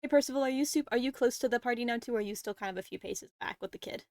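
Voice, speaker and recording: A woman's voice: a little high, very fast, darkish tone, dry recording, studio quality. A woman game master narrating a tabletop game casually, rambling and laughing.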